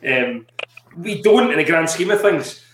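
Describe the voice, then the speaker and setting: Scottish male host, relaxed chat, echoey room sound. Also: fairly high pitch, a little slow, a little hiss or hum. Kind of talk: casual football chat.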